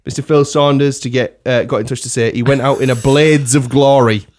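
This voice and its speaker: A man's voice: medium pitch, fairly even intonation, a little fast, a little mellow. A man hosting a casual podcast, reading out listener messages and laughing often. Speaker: podcast host.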